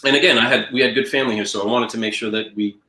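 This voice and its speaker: A man's voice: medium pitch, rapid-fire. A man from New York telling stories in a casual interview about getting into car sales, acting out the people he quotes. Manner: animated storyteller who acts out quoted people. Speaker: guest, car sales professional. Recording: echoey room.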